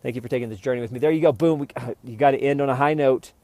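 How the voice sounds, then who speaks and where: Male vlogger, rambling and jokey, mid-pitched voice, dry close sound. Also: rapid-fire, darkish tone, dry recording. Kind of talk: rambling improvised vlog.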